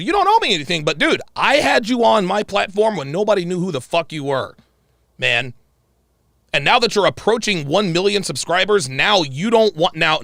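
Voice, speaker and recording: A man hosting a livestream, telling a story in an animated, emphatic way and repeating his points. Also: on the high side, gravelly, no room sound, studio quality. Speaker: livestream host. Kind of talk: livestream commentary.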